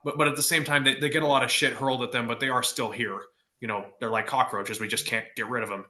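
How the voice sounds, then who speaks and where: A young man from California speaks on a podcast as a guest, with a bright, forceful tone. He is blunt and profane, and he stammers and restarts as he goes. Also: medium pitch, fairly even intonation, fast talker. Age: young adult. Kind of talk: casual chat.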